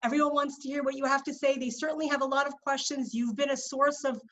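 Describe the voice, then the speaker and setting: A woman from Montreal hosting a community event on a video call, eager, making announcements and spelling out numbers slowly. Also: high-pitched, level tone, fairly bright tone, low-quality recording. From Montreal, Canada. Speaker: host.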